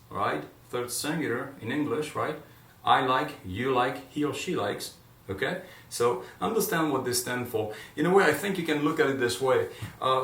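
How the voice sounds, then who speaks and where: A man's voice: on the low side, fairly bright tone. A man teaching a grammar lesson in a classroom, explaining step by step and checking in often with "right?" and "okay?". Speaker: Spanish teacher. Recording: echoey room, mic at a distance.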